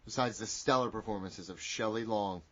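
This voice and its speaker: A man's voice: fairly low pitch, fairly quick, dull audio, a crowd in the background. A man co-hosting a podcast, joking sarcastically and ranting in casual, profane chat. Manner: sarcastic, joking, rants loudly. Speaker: podcast co-host.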